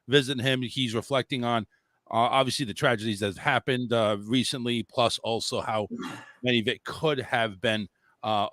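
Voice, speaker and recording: A man's voice: medium pitch, fairly bright tone, no echo. A man hosting a talk show, casually introducing his guest and affirming what is said.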